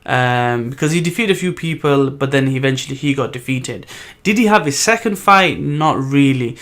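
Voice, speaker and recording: A man's voice: mid-range voice, animated, normal speed, fairly bright tone. A man hosting a casual solo comic review, rambling with many ums and restarts. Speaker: manga reviewer host.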